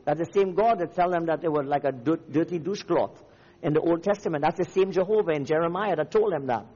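A man's voice: fairly high pitch, fairly quick, mellow, husky, big-room sound, dull audio. A man from Namibia preaching a fiery, declamatory sermon as a visiting preacher. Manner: fiery, declamatory, rising and falling.

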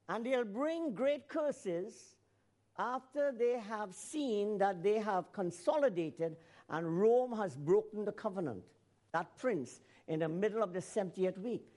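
A man preaching a sermon to a congregation. He swings from shouted emphasis to quiet asides, and he often corrects himself and repeats phrases. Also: high-pitched.

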